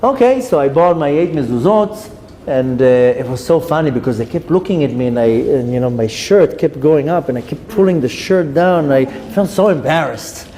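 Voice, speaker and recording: Male rabbi, lively storyteller, mellow and fairly high-pitched, recorded in an echoing hall with faint noise. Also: normal speed. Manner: lively anecdotes, acts out dialogue. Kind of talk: storytelling Torah lecture.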